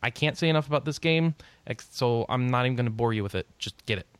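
A man's voice: medium pitch, clear, resonant tone, no room sound. Upbeat male podcast host, dry close sound. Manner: upbeat, enthusiastic, quick to joke. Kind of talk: casual chat.

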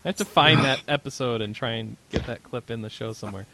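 A man hosting a casual podcast chat, reading listener feedback in a relaxed, halting way. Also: medium pitch, poor audio. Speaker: podcast host.

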